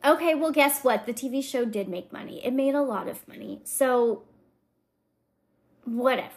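A woman's voice: high-pitched, moderate pace. A woman hosting a podcast, answering book reviews in a sarcastic, playful casual chat. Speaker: podcast host.

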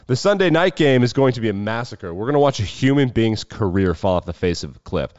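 A man hosting a casual solo sports talk show, profane and wry with quick asides. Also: mid-range voice, expressive, darkish tone, dry recording, muffled recording. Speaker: sports betting show host.

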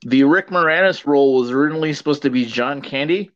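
A man's voice: on the high side, quick pace. A man chats easily on a podcast, sometimes restarting his sentences. The recording sounds dull and lo-fi. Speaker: podcast co-host. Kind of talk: casual chat.

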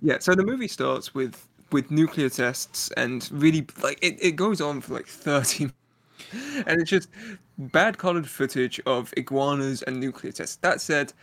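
Fairly high-voiced man, animated and laughing. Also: unhurried. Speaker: podcast co-host. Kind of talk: casual movie review chat.

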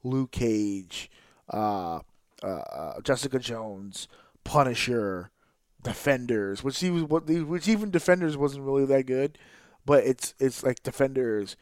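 A man hosting a podcast, ranting with exasperation and heavy swearing, now and then mimicking others in a flat, deflated tone. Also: medium pitch, unhurried, no echo, studio quality. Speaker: podcast host. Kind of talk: profane ranting podcast monologue.

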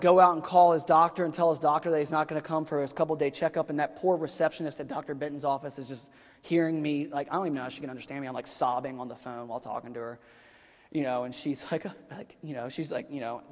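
Male pastor, 30s, conversational sermon, slightly high voice, long hall reverb. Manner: conversational, rhetorical questions, frequent fillers. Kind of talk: sermon with personal story.

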